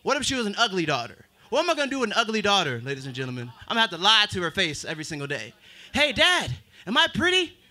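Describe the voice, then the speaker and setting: A man's voice: high-pitched, big pitch swings, racing, hardly any pauses, pushed and bright. A man in his twenties doing a self-deprecating stand-up comedy set, with drawling asides. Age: 20s. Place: open mic stage at a bar.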